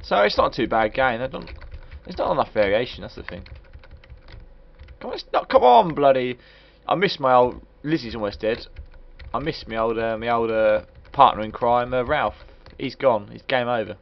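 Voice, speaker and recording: A man's voice: medium pitch, normal speed, creaky. A man giving a crude, rambling, joking commentary while reviewing a video game. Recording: dull lo-fi recording.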